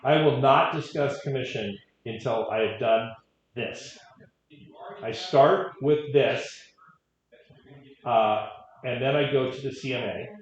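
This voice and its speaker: A man's voice: medium pitch, slow, pauses often. Real estate trainer, male, wry and conversational, echoey room, dull audio. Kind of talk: training talk with stories.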